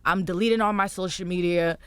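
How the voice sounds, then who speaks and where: A woman's voice: fairly low pitch, quick pace, clear, resonant tone, dry recording. A young woman telling a story as a guest on a radio show, in casual chat and acting out what others said. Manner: animated storytelling, acting out quotes. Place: radio studio. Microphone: studio microphone.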